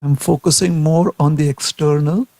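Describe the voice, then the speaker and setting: A man from India, giving a devotional talk in a deliberate way, often asking rhetorical tag questions. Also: fairly high pitch, fairly even intonation, vocal fry, darkish tone, no room sound. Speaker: devotional speaker.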